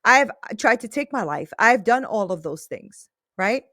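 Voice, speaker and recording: A woman's voice: fairly high pitch, expressive, unhurried, bright, forceful tone, no echo, studio quality. Emphatic, earnest woman podcast host. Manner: earnest, emphatic, often tag-asks "right?". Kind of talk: casual faith-based podcast talk.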